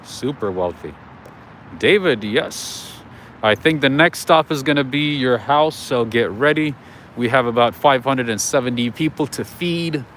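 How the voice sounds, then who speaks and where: A man's voice: medium pitch, animated, a little slow, fairly bright tone, a little hiss or hum. A man hosting a casual walking livestream outdoors, telling stories and chatting with viewers as he reads their comments. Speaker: livestream host. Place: outdoors on city streets.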